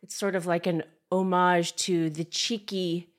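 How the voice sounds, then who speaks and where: A woman's voice: lowish voice, level tone, unhurried. A woman co-hosting a casual chat, chatty and giggly. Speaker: co-host.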